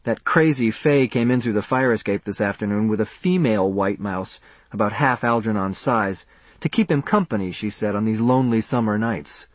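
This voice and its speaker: A man reading a first-person audiobook in a measured, subdued way. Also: on the low side, no echo. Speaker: audiobook narrator.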